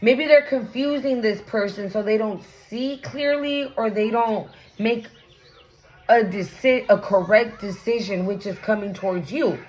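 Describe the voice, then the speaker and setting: Speaking to camera at an unhurried pace and a fairly high pitch, a woman gives a casual tarot reading. She's blunt and profane, animated and prone to exclaiming, and keeps addressing the viewer directly with "right?"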